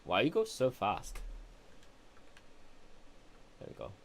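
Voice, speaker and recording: A man's voice: on the low side, wildly swooping pitch, slow pace. A man giving casual commentary while playing a video game, thinking aloud and muttering to himself. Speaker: gameplay streamer.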